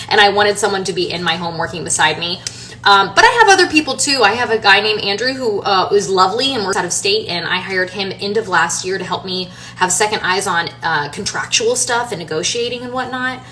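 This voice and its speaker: Bright chatty woman answering follower questions. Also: mid-range voice. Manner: chatty and rambling, many fillers and restarts. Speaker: home renovation designer and social media creator. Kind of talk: casual Q&A chat to followers. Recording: somewhat distant from the mic, faint room noise.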